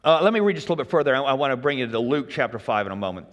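A man preaching a sermon in a relaxed, folksy way, joking with the congregation. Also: medium pitch, very fast, long reverb tail. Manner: folksy, conversational, jokes with the congregation. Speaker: pastor.

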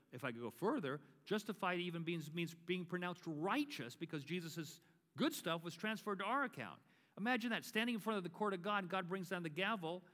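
A man's voice: high voice, a bit bright. Preaching man in a reverberant church. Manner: builds to emphatic preaching, repeats key phrases. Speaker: pastor. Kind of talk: sermon leading communion. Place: church sanctuary. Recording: long reverb of a large church.

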